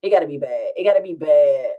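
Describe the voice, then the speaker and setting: Her low voice comes through with phone-quality sound as she talks fast. At home, this woman vlogger rambles through a casual, animated story, laughing frequently.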